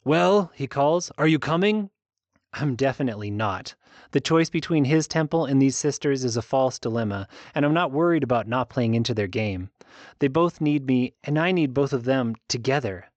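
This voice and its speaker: A man narrating a fantasy audiobook in the first person, in a steady, even storytelling manner. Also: medium pitch, normal speed, no room sound.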